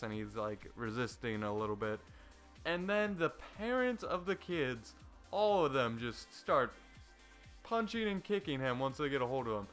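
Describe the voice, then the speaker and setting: A young man giving a casual, rambling anime review, excitable and swearing a lot, full of fillers and restarts. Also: mid-range voice, moderate pace, soft background music.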